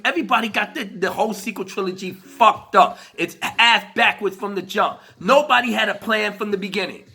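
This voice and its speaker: High, bright-voiced man ranting. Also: husky. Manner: laughs often, mocking, stammers on restarts. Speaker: commentary vlogger. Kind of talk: profane casual rant.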